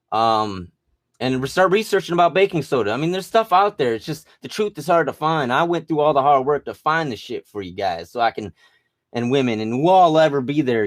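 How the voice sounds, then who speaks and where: A man's voice: medium pitch, dry recording, clean studio sound. A man delivering a rambling, agitated rant full of profanity and restarts. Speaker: vlogger.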